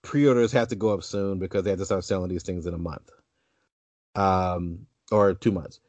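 A man's voice: low-pitched, steady tone, moderate pace, a little mellow, dry recording. Man, podcast co-host, rambling storyteller, muffled lo-fi audio, dry. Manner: rambling storyteller with many restarts. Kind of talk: casual podcast chat. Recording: dull lo-fi dry sound.

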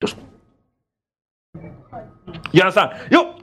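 A man's voice: slow, a bit bright. A man preaching a sermon, emphatic and scolding, repeating phrases for effect. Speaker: pastor. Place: church.

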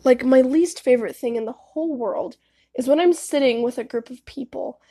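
A woman's voice: high voice, moderate pace, mellow, breathy edge. A young woman giving candid, casual advice to her viewers, swearing freely and saying "like" a lot. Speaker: vlogger.

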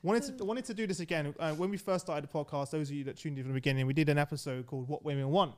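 A young man hosting a casual podcast chat in an office, excitable and quick to laugh, often restarting his sentences. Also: fairly high pitch. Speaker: podcast host. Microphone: podcast microphone in an office.

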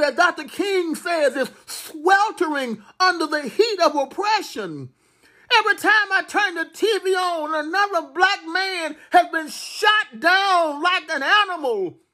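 A man preaching a sermon in an impassioned way, with slow, deliberate, repeated phrases that build to cries. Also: very high voice, sharp tone.

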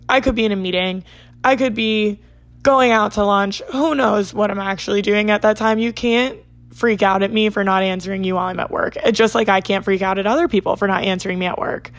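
A woman's voice: medium pitch, no room sound. A young woman casually telling a dating story, chatty and peppered with "like". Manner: chatty, says "like" a lot. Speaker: vlogger.

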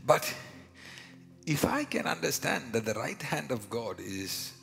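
A man with an Indian accent preaching a sermon, dropping to hushed whispers and rising to loud declarations. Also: mid-range voice, big pitch swings, unhurried, creaky. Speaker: pastor. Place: church hall. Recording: live church hall with long reverb, music behind.

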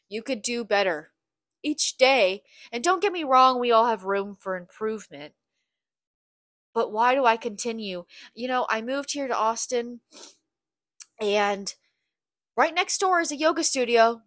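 A woman's voice: fairly high pitch, animated, normal speed, a bit bright, dry recording, clean studio sound. A young woman hosting a podcast, talking in a blunt, candid, profane confessional monologue. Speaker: podcast host.

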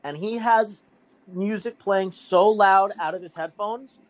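A man's voice: high voice, unhurried, rough recording. A man telling a rambling, profane story in casual chat, packing his talk with "like" and laughing often. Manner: fillers "like" constantly.

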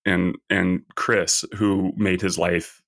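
A man's voice: low-pitched, level tone, takes it slowly, creaky, fairly bright tone. A man co-hosting a podcast, chatting casually with short replies and comments. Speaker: podcast co-host. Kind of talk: casual chat.

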